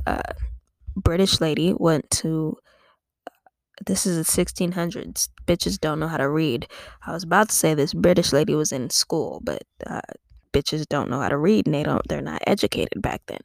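A woman's voice: fairly low pitch, vocal fry, dry recording, clean studio sound. A woman comedian podcasting, making up a silly story in a rambling, giggly, self-amused way. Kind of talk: improvised comic storytelling.

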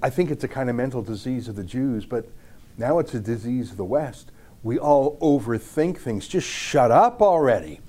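A middle-aged man giving opinion commentary, reading an essay aloud slowly and emphatically. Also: medium pitch, animated, warm tone. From Canada. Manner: emphatic, slow deliberate reading. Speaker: political commentator.

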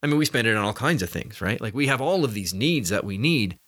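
Earnest male preacher, lively pitch. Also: fast, no room sound. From North America. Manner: earnest, conversational, with restarts and rising emphasis. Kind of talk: sermon-style podcast reflection.

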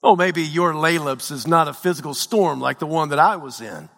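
A man pastor delivering a dramatic sermon, swinging from hushed tones to shouts. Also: fairly high pitch, expressive, normal speed, vocal fry, long reverb tail.

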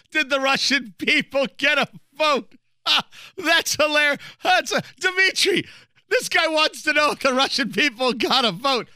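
A man's voice: very high voice, measured pace, bright, forceful tone, no echo, pitched above the performer's own voice, exaggerated voice. A man voicing a scoffing male Russian official who laughs off the question in a raised, mocking voice. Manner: mocking, cackling.

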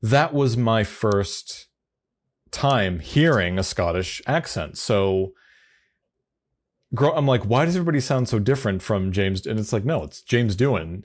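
A man co-hosting a podcast, chatting casually and rambling with frequent restarts. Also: fairly low pitch. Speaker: podcast co-host. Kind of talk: casual chat.

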